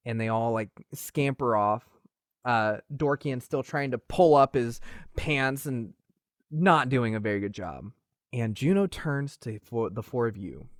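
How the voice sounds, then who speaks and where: A man narrating a tabletop game as game master, in a casual, animated way. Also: medium pitch, a little slow, no echo, clean studio sound.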